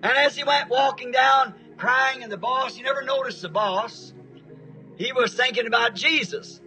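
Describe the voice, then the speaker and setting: A man's voice: very high-pitched, moderate pace, bright, forceful tone, soft background music, poor audio. A man from Arizona preaching a sermon as a story, speaking in a folksy, plain-spoken way with homespun grammar.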